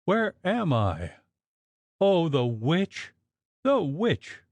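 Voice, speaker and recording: A man voicing a terrified, delirious little woman who cries out in shrill, frantic bursts. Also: wildly swooping pitch, drawn-out words, no echo, exaggerated voice.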